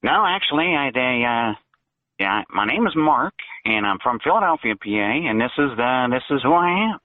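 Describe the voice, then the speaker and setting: A man's voice: mid-range voice, very animated, normal speed, no room sound. A male caller on a radio show, talking in a put-on cartoonish drawl. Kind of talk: call-in radio talk. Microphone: phone. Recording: tinny phone line.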